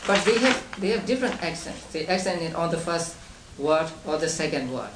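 A man leading a study class on meditation texts, explaining slowly and step by step with frequent restarts and soft chuckles. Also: a little high, lively intonation. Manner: chuckles between points. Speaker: Buddhist meditation teacher. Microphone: distant room mic. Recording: roomy distant amateur recording with hiss.

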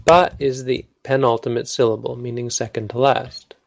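A man's voice: medium pitch, flat delivery, normal speed, gravelly, dry recording. A man teaching a language lesson in a casual, joking way, stopping to correct himself as he goes. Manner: informal, self-correcting, joking.

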